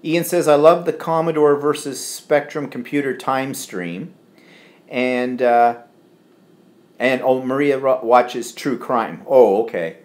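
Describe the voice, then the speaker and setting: A co-host on a live home stream show, this man talks slowly at a medium pitch. He reads viewer comments and chats in a rambling way, leaning heavily on fillers, with the room sounding echoey.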